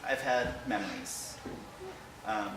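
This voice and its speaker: A man giving an emotional personal remembrance of his late father to a church congregation, halting at times but with wry humor. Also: lowish voice, distant mic, noisy background. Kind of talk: personal storytelling speech. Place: large church hall. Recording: echoey hall, picked up from afar.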